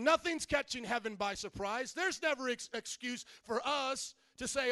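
A man preaching a humorous sermon in a church, joking and animated, calling out to the congregation. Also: sits high, moderate pace, no room sound. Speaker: pastor.

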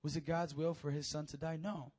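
A young man preaching a sermon, telling a story with emotion and swelling to near shouts at the high points. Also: little pitch movement, brisk, breathy edge.

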